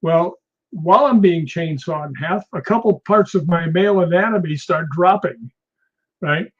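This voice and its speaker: A man's voice: fairly high pitch, normal speed, breathy edge. A man guesting on an interview show, telling film set stories in a casual way and laughing often. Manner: animated storyteller, laughs often. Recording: dull lo-fi sound.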